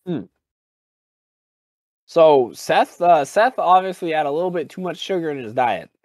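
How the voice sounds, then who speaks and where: A man's voice: fairly high pitch, expressive, measured pace, no echo. A man co-hosting a comedy podcast, talking in an exaggerated way and spinning absurd jokes. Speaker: podcast co-host. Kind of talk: goofy comedic podcast banter.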